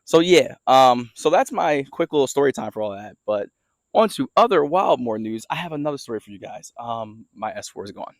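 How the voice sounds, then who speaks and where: A man's voice: mid-range voice, lively intonation, brisk, dry recording. A young man telling a casual story in a rambling, laid-back way, filming himself outdoors as he walks around in his yard. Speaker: car vlogger. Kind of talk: casual vlog story time.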